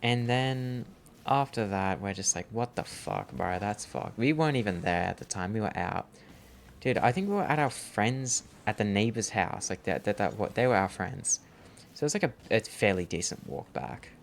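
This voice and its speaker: A man's voice: lowish voice, expressive, moderate pace, slight background noise. A young man rambling through a story while gaming, swearing often and calling the listener bro. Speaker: gaming vlogger.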